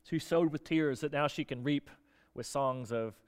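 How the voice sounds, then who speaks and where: High-voiced joking pastor in a reverberant hall. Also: male voice, moderate pace. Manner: conversational and joking, with repeated restarts. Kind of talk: sermon. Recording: long reverb of a church hall.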